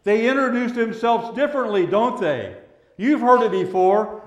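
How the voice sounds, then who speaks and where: A man preaching a sermon as pastor. He speaks in a measured way and draws out the words he wants to stress. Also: high-pitched, expressive. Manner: measured, with drawn-out emphasis on key words. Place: church sanctuary. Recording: echoey church room.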